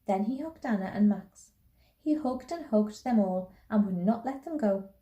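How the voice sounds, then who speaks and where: Mellow woman reading a storybook aloud. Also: medium pitch, expressive, moderate pace. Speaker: primary school teacher. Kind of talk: reading a children's novel aloud. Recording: roomy echo.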